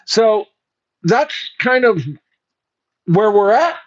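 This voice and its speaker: A sarcastic older man delivers opinionated commentary at a slow, deliberate pace, his voice sitting a little high for a man. He mocks what he reads aloud. The recording sounds dull and lo-fi. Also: lively intonation. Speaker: host.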